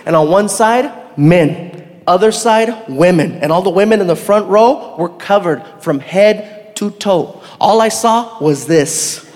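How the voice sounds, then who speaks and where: Animated high-voiced male stand-up comedian. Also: takes it slowly. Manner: animated, shouting punchlines, laughing. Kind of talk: live stand-up storytelling. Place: live theater stage with audience. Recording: live hall with crowd noise.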